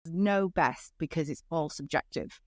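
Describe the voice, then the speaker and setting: A woman hosting a podcast in a somewhat low voice, chatty, with blunt opinions. She talks casually with her guest, and the sound is close and dry. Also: unhurried, no echo. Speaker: podcast host.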